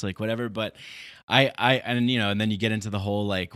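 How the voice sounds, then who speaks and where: Low-ish male host, curious and musing, dry close sound. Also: fairly quick, bright, forceful tone, dry recording. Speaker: podcast host. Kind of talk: casual interview chat.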